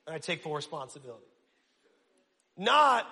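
A man preaching a sermon, talking in an energetic, casual way with self-deprecating humor. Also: high-pitched, normal speed, creaky, big-room sound. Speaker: pastor.

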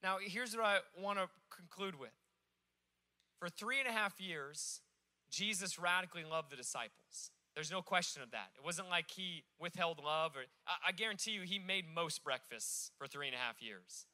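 A man from Alaska preaching from a stage, telling the story in an animated, joking way. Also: high voice, normal speed. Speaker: pastor. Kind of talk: sermon.

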